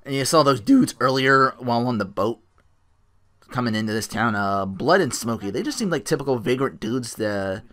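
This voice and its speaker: A man chatting his way through a game commentary in a loose, rambling way, dropping "like" every few words. His voice is bright and sits at a middle pitch, and it moves up and down a lot as he talks. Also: lively intonation, normal speed. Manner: rambling, full of "like" fillers. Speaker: let's play commentator.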